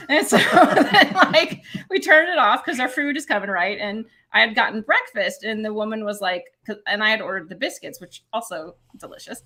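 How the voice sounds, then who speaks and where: A woman's voice: medium pitch, a little fast, bright, forceful tone. A woman co-hosting a casual chat show, telling a funny story with laughs and acted-out quotes. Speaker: podcast co-host.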